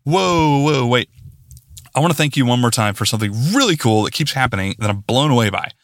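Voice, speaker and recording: Guy rambling thru his podcast outro, bouncy up and down voice, bright, kinda self-mocking. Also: medium pitch, lively intonation, racing, no echo, clean studio sound. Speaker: podcast host. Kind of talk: casual solo podcast sign-off.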